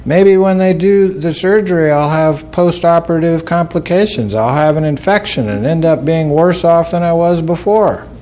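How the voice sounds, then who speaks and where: A man's voice: on the high side, moderate pace, hardly any pauses, dark tone, slight background noise. Folksy storytelling man, wry and self-mocking. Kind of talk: storytelling talk to an audience.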